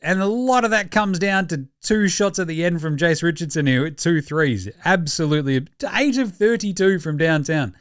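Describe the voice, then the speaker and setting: A young Australian man talking sport in loose, sweary banter, breaking into laughs. His voice sits a touch high for a man. The sound is dry and close, with no room around it. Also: moderate pace, few pauses, clean tone, no room sound. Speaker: podcast host. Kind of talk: casual sports commentary.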